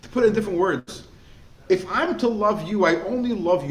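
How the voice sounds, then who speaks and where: A man, a rabbi, giving a lively class, quizzing students and telling stories in an animated way. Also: high voice, a little fast. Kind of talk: lively lecture with questions to students. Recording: echoey room, faint background noise.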